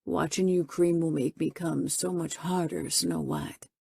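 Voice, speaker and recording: A woman narrator voicing a young male biker speaking low and intimately to his lover. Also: steady tone, measured pace, vocal fry, breathy edge, no room sound, exaggerated voice. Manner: hushed, intimate.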